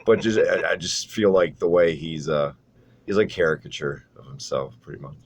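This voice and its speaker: A man's voice: very deep voice, moderate pace, husky. A man hosting a casual wrestling podcast, talking in a profane, sarcastic, rambling way. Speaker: podcast host.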